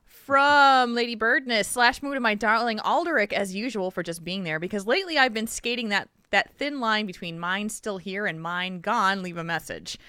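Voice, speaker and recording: A woman's voice: mid-range voice, normal speed, hardly any pauses, bright, forceful tone, smooth, dry recording, clean studio sound. A young woman co-hosting a podcast, chatting casually, reading listener messages aloud and laughing often. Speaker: podcast co-host.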